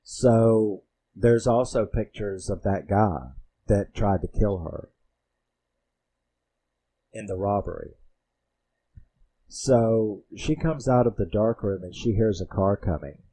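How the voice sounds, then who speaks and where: A man's voice: fairly low pitch, slow pace, long pauses, mellow, slight background noise. A man casually retelling a movie plot, rambling and swearing, acting out the characters' lines. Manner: rambling, profane, acts out quotes. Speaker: movie reviewer.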